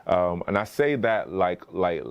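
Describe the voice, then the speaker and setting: A man in his thirties with a very low voice tells stories as a podcast guest. He rambles, restarts often and leans on fillers. He slips into acted-out quotes of what other people said. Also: lively intonation, unhurried, smooth, lo-fi sound. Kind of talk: conversational interview storytelling.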